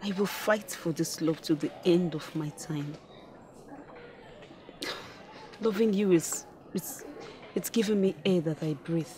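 An actress with a Nigerian accent playing a sharp-tongued, scheming young wife in a film, taunting and scornful. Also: female voice, fairly low pitch, normal speed, close to an everyday voice. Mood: tender. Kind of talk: Nollywood film acting.

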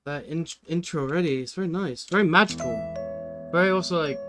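A man's voice: fairly high pitch, a little fast. A man hosting a music reaction video, chatting casually and earnestly, rambling with lots of "like" and "you know".

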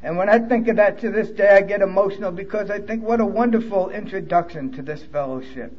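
A man with a New York accent gives a candid, emotional personal testimony at a conference and swears bluntly. His voice sits high for a man. The recording is dull and lo-fi, as if taped at a conference. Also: brisk. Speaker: recovery speaker. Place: conference hall.

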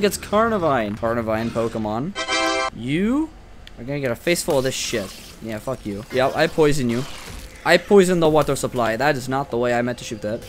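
A young adult man giving excitable, profane, joking let's play commentary as a gaming YouTuber. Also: mid-range voice.

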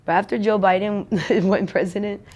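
A woman's voice: mid-range voice, fairly even intonation, normal speed, darkish tone. A young adult woman in a casual street interview, talking in a rambling, slangy, profane way.

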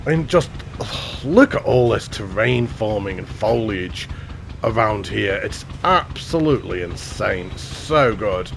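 A man hosting a game channel, giving excited, gushing commentary with self-mocking asides. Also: mid-range voice, a little hiss or hum.

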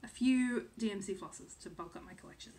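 With a dark, mid-range voice and a brisk delivery, this Australian woman in her thirties chats casually on camera about cross-stitch. She says "um" frequently and keeps second-guessing herself.

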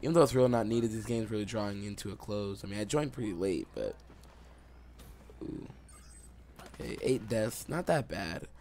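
A young man giving excitable live commentary over his own video game play, recorded on a desktop microphone at home. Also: fairly low pitch, normal speed, pauses often, slight background noise. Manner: excitable, reacts aloud to the game. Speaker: gaming YouTuber. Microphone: desktop USB mic.

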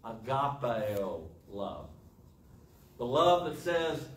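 A middle-aged man preaching a sermon in a church, asking rhetorical questions and pausing for effect. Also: mid-range voice, very animated. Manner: rhetorical questions with dramatic pauses. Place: church sanctuary. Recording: echoey church, distant mic, faint hiss.

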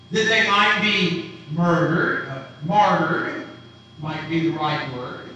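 A man's voice: high voice, sharp tone, a little hiss or hum. A man preaching a sermon who asks his congregation questions as he teaches. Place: church sanctuary. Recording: roomy, distant church recording.

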